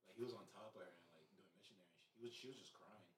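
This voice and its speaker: A man in his twenties chatting on a podcast, telling a short story in an offhand, low-key way. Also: rapid-fire, a little hiss or hum. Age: 20s. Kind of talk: casual podcast chat.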